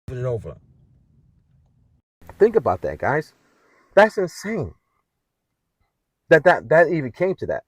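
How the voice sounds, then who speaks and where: A man's voice: on the high side, wildly swooping pitch, a little slow, pauses often, breathy edge, no room sound, rough recording. An American man vlogging, telling a story in a casual rant, often repeating himself and asking "you know what I'm saying".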